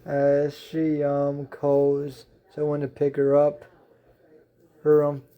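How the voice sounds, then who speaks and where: A man reading his self-written fan story aloud as narrator, halting with many ums and restarts. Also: a little high, monotone, highs cut off.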